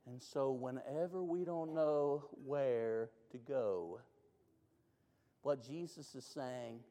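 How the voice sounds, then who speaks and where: A man preaching a sermon, moving between loud, rising climaxes and hushed, slow lines. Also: medium pitch. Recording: long reverb of a large hall.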